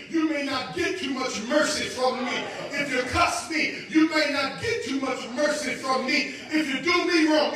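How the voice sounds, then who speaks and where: A man preaching a sermon as guest pastor, calling out to the congregation and building to shouted climaxes. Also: extremely high pitch. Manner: repeats phrases for emphasis. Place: church sanctuary. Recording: very echoey church hall, voice from far off, music behind.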